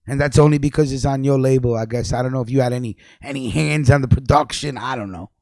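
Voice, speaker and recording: A man ranting angrily on a livestream, cursing a lot, repeating himself, and jumping between low mutters and loud outbursts. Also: fast talker, no room sound, clean studio sound. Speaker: livestream host. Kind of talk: profane ranting commentary.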